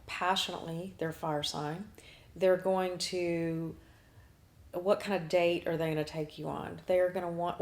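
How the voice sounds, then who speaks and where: A woman's voice: on the low side, a little mellow. A woman hosting a talk show as an astrologer, chatting casually with blunt asides and frequent laughs. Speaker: astrologer host.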